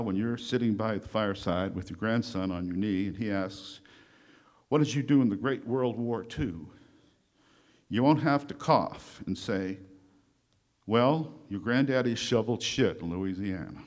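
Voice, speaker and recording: A gruff, profane army general barking orders at his men, declaimed by a man in a talk. The voice is pitched higher and louder than his everyday talk, booming and blustering. It rolls crude threats out like a rallying cry. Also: animated, normal speed, natural voice. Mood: fierce, rousing. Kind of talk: declaimed speech recitation.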